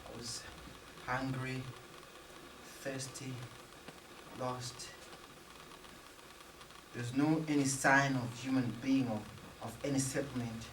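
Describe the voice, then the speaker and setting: A woman telling a dramatic story in spoken-word style, with rhythmic, repetitive phrasing and loud outbursts. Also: a bass voice, steady tone, takes it slowly, pauses often, noisy background. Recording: roomy, distant, faint ambience.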